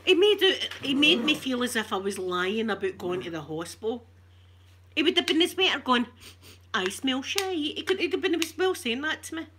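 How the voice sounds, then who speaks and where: A woman's voice: high-pitched, very animated, brisk, background noise. A Scottish woman chatting on an ASMR live stream, ranting with animation and swearing freely. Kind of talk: casual live-stream chat.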